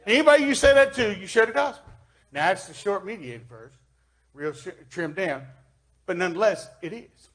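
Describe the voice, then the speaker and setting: Folksy Southern preacher, high voice. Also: male voice, expressive, moderate pace. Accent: Kentucky Southern US. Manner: folksy, swings from loud emphasis to quiet asides. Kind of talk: sermon with scripture reading. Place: church.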